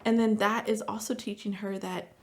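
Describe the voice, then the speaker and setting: A woman's voice: mid-range voice, flat delivery, normal speed. A middle-aged woman, a therapist, talking casually on a podcast and acting out family dialogue as she tells stories. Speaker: therapist guest.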